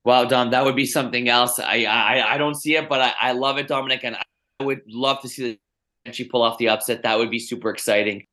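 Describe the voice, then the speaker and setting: A man's voice: medium pitch, steady tone, fairly quick, bright, forceful tone. A man co-hosting a sports podcast, making game picks in casual talk, often turning to address his co-host by name amid plenty of fillers. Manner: repeats the co-host's name, many fillers.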